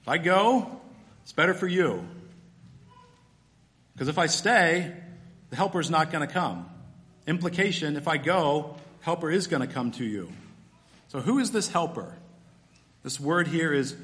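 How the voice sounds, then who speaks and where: A man preaching a sermon, teaching through a scripture passage step by step in a relaxed, conversational way. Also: a little high. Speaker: pastor.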